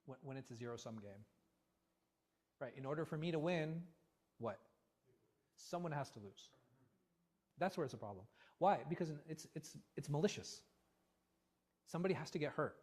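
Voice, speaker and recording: A man leading a religious class discussion as imam, animated and full of rhetorical questions, often restarting his words. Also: a little high, moderate pace, pauses often. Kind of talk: interactive religious class talk. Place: mosque class room.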